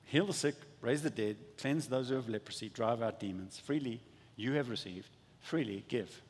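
Animated man preaching in a reverberant hall. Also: medium pitch, moderate pace, slightly rough. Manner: animated, acts out little dialogues with stammering restarts. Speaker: pastor. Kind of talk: sermon.

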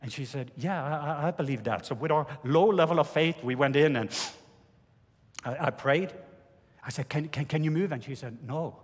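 A man with a Norwegian accent preaching a sermon, telling a personal testimony in an earnest, halting way with many restarts. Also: mid-range voice, slightly rough. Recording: reverberant hall.

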